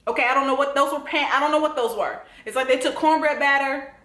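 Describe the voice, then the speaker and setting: Southern woman, young, sassy and chatty, slightly high voice, roomy room echo. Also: quick pace, a bit bright. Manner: sassy, chatty, addresses viewers directly. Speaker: TV recap vlogger. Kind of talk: casual recap commentary. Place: home room.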